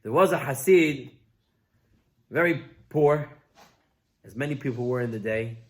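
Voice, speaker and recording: A man's voice: medium pitch, measured pace. A man, a rabbi, telling a Hasidic story in a weekly Torah talk, acting out the characters' voices as he goes.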